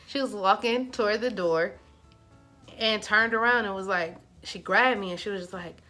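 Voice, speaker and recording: A woman's voice: mid-range voice, moderate pace, pushed and bright, soft background music. Chatty woman telling a storytime. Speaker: vlogger. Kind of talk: casual storytime.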